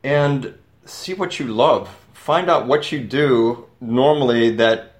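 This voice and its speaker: A man talks easily as a guest on a radio interview show. He tells long stories about how his career unfolded and slips in light jokes. His manner is relaxed and conversational. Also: medium pitch, takes it slowly. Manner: relaxed storytelling, joking asides. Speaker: guest, hypnotherapist and dentist.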